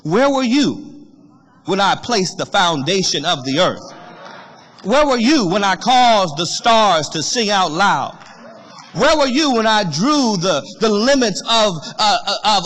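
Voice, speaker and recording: A man's voice: high voice, big pitch swings, brisk, hardly any pauses, fairly bright tone, slightly rough, big-room sound, full character voice. A man voicing God as a stern, commanding figure who fires rhetorical questions, within a sermon.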